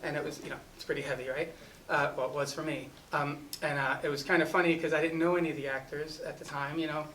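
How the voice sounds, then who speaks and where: A man's voice: a little high, flat delivery, fast talker, fairly bright tone. A man, a film director at a festival, telling a rambling casual anecdote full of "you know" and restarts. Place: festival event. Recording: distant mic with faint ambient noise.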